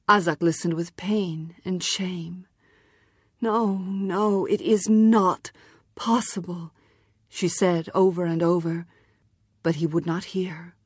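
Woman narrator, low voice, dry close recording, calm measured audiobook read. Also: no room sound.

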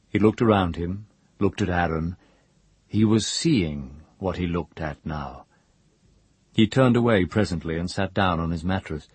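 A man narrating a fantasy audiobook in a measured, even storytelling manner. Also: sits low, slightly rough, no echo. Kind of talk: scripted narration.

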